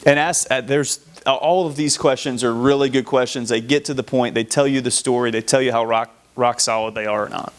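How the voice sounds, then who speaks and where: A Southern American man gives practical selling tips in a steady, plain voice of middle pitch. He has a few restarts. This is an instructional talk. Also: a little fast, few pauses. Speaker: real estate agent co-presenter.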